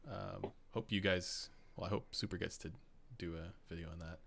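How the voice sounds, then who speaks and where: A man's voice: low-pitched, steady tone, moderate pace, creaky, fairly bright tone, a little hiss or hum. A young Canadian man with a Canadian accent hosting a casual live stream, chatty with lots of fillers and laughs. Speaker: podcast host.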